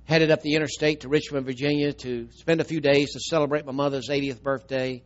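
A middle-aged man, preaching a storytelling sermon and swinging from emphatic, loud telling to a soft, tearful hush. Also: on the high side, level tone, fairly quick, muffled recording.

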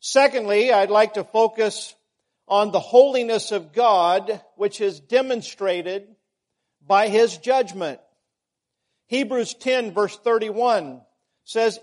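A man preaching a sermon, measured and emphatic, repeating key words for stress. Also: high voice, darkish tone.

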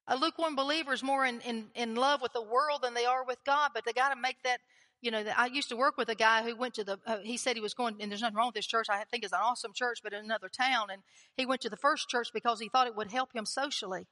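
A woman's voice: on the high side, steady tone, fast talker, bright, forceful tone. A woman preaching a sermon in a chatty, conversational way, often putting questions to the congregation. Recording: long hall reverb.

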